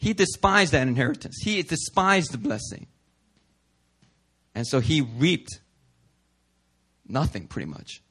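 A man's voice: mid-range voice, sing-song, a little slow, long pauses, fairly bright tone, breathy edge. A young male pastor giving a sermon in a church, telling stories in a casual, joking way.

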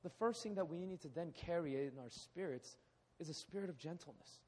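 A man in his thirties preaching a sermon in a hall, animated, often acting out quoted voices. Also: on the high side, fairly quick. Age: 30s. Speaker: pastor. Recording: echoey hall.

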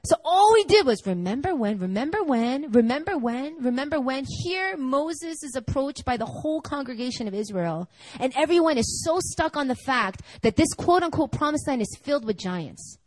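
Chatty, lively woman preacher. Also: high voice, moderate pace, hardly any pauses, dry recording, low-quality recording. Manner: chatty, animated, peppered with "like" and laughter. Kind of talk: conversational sermon with storytelling.

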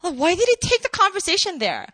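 A woman preaching a sermon to a room, emphatic and animated, asking her listeners rhetorical questions. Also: very high-pitched, fast talker, no room sound. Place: room with an audience.

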